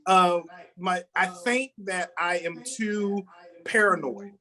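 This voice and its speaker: A man's voice: sits high, slow, bright, forceful tone, rough recording. A middle-aged man performing a rambling stand-up comedy set over a video call, with lots of restarts as he tells stories about his family. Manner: rambling storytelling with frequent restarts.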